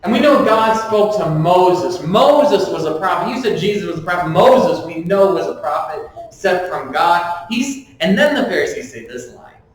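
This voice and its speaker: A man's voice: sits high, moderate pace, few pauses, heavy reverb, distant mic, poor audio. A man preaching a sermon as pastor. He jokes as he goes and acts out the people in the story. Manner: animated and joking, voices the speakers in the story. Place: church sanctuary.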